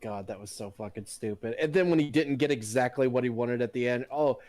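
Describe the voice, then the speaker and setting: A man co-hosting a podcast in casual chat, profane and excitable, laughing often. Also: medium pitch, a little fast. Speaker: podcast co-host.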